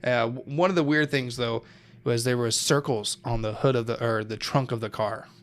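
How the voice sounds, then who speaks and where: A man's voice: medium pitch, normal speed. Young man telling a story, swearing casually. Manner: loose, swears often, laughs, loses his thread. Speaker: podcast co-host telling the story. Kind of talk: casual chat.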